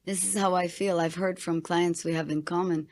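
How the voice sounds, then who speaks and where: A woman's voice: fairly low pitch, steady tone, normal speed, darkish tone. A middle-aged woman coach hosting an interview, reflective and affirming, asking probing questions. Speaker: coach and podcast host. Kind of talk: conversational interview.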